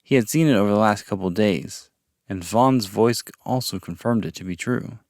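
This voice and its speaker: A man narrating a story podcast in a calm, measured reading voice. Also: fairly low pitch, dry recording, studio quality. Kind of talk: audiobook-style story narration.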